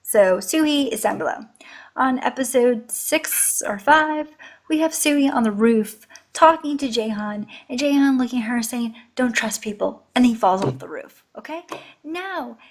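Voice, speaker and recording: A woman with a fairly high voice talks through a drama in casual chat. She rants with animated exasperation, stacking up questions. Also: moderate pace. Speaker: drama review co-host.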